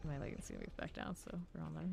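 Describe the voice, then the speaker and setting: A woman's voice: sits low, wildly swooping pitch, fast, vocal fry, darkish tone. A woman from Florida streaming a game, chatting casually and rambling through side stories while she plays. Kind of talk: casual gameplay commentary.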